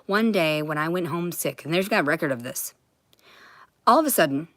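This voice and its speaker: A woman's voice: sits low, lively intonation, normal speed, a bit bright, no echo. A woman ranting to her livestream viewers from home, swearing constantly. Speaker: vlogger.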